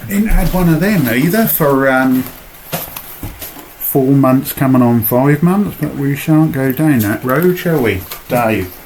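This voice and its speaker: A man with a Suffolk accent rambles through his own video in an unhurried, conversational voiceover. He pokes fun at himself and drifts into asides, at a middling pitch, with a faint hiss underneath. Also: lively intonation, darkish tone. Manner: chatty, self-mocking, rambling asides. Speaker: vlogger. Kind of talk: casual narrated voiceover.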